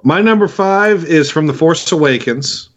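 A man co-hosting a podcast, talking in a halting, casual way with frequent restarts. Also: fairly high pitch, lively intonation, a bit bright, dull audio. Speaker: podcast co-host.

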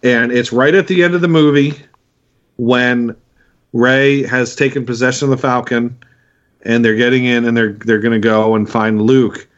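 A man co-hosting a podcast, talking in a halting, casual way with frequent restarts. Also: mid-range voice, fairly even intonation, lo-fi sound. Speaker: podcast co-host.

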